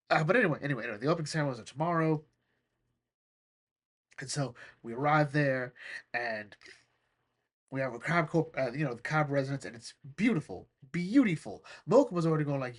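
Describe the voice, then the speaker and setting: A podcast host retelling a cartoon episode as comedy, rambling through jokes and asides. The voice swings widely in pitch, lively and animated, with a loose, conversational delivery. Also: fairly quick, breathy edge. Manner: rambling, joking, often laughing.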